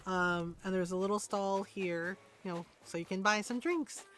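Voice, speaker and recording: A young woman hosting a relaxed game stream, chatting casually as she walks through her creations. She rambles a little, leaning on plenty of fillers, and her voice sits at a middle pitch. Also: normal speed.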